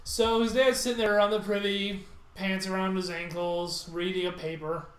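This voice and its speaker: A man co-hosting a podcast, recapping an episode in casual chat, animated and swearing freely while acting out quotes. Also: high voice, moderate pace, reverberant. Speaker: podcast co-host.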